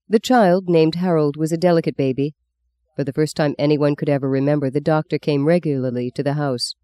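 Male audiobook narrator, measured storyteller, slightly higher voice, dry studio sound. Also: warm tone, no echo.

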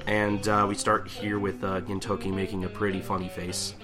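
A man's voice: sits low, flat delivery, normal speed, music in the background. Rambling young man recapping manga. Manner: rambling, self-interrupting, acts out characters' lines. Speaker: podcast co-host. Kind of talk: casual chat recapping manga chapters.

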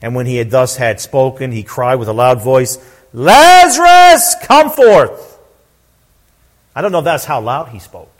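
A middle-aged man preaching a sermon, repeating his words and swelling to loud, emphatic declarations. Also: mid-range voice, brisk, hardly any pauses. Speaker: pastor.

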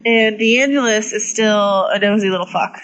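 A woman co-hosting a casual chat, animated, swearing freely and laughing often. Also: medium pitch, normal speed, low-quality recording. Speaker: podcast co-host.

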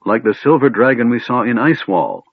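A man's voice: mid-range voice, expressive, fairly quick, husky, no room sound, pitched above the performer's own voice. A man reading an audiobook voices a determined young elf woman who presses her point persistently, on a tinny phone-like recording. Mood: insistent. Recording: tinny phone-like band, dry.

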